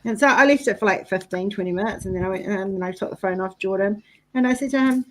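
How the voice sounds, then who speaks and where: A woman's voice: mid-range voice, fast, poor audio. Chatty New woman telling stories. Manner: chatty storyteller, laughs often. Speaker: host. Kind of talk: casual chat while doing craft work.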